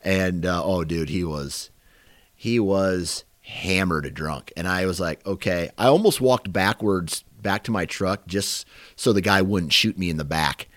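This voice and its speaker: A man on a podcast telling animated stories about hunting and laughing easily. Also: low voice, measured pace, dry recording, clean studio sound. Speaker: podcast co-host, hunter. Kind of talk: casual storytelling.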